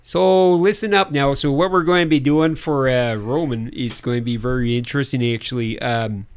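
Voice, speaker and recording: A man's voice: medium pitch, steady tone, normal speed, smooth, close to an everyday voice. A man putting on a Midwestern accent to play a folksy announcer, drawling and full of fillers. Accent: Midwestern American, put on.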